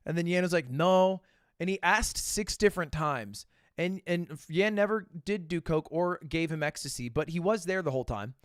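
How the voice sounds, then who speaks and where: A young man tells a story to his stream in a casual, self-mocking way, swearing often. His voice sits a bit high and swings widely in pitch, jumping to loud bursts and dropping to low asides. The sound is close and dry. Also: animated, normal speed, no room sound.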